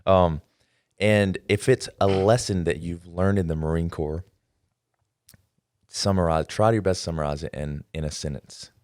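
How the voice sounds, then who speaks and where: Deep-voiced male podcast host. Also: no echo, clean studio sound. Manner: relaxed, measured, many fillers. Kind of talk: casual interview chat.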